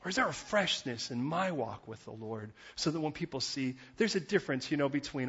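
A man preaching a sermon in a conversational, animated way, acting out the voices of biblical figures as he goes. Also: medium pitch, a little fast, hardly any pauses, breathy edge. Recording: dull lo-fi recording.

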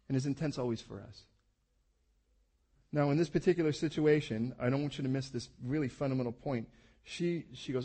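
A man's voice: mid-range voice, dark tone, husky. A man preaching a sermon in a conversational, explaining way, acting out the scripture stories as he goes. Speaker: pastor.

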